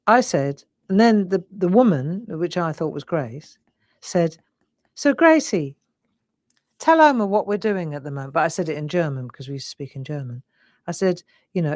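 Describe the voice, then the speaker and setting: A woman's voice: fairly low pitch, dry recording. A woman in her sixties with an English, slightly Cockney accent, chatting and demonstrating drawing live. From England. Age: 60s. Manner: chatty, warm, often says "look" and "lovely". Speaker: craft demonstrator.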